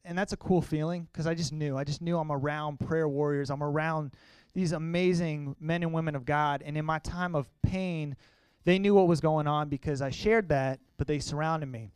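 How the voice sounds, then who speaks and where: A young man sharing a personal testimony with a congregation, talking earnestly and conversationally, sometimes halting with emotion. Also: fairly high pitch, fairly even intonation, a little mellow, clean tone, no room sound. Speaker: church speaker sharing testimony.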